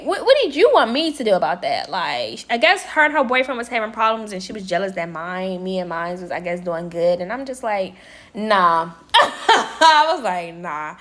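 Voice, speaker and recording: A young adult woman vlogging a casual storytime, chatty and dramatic, acting out her own exclaimed reactions and talking straight to her viewers. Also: mid-range voice. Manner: animated, dramatic retelling with exclaimed quotes; chatty, addresses viewers as y'all. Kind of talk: casual storytime while working.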